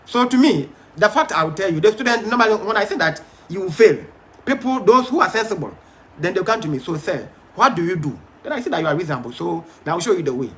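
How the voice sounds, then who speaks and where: A man's voice: high voice, expressive, fast talker, fairly bright tone. A man teaching a Bible study, emphatic but hesitant, with frequent fillers and restarts.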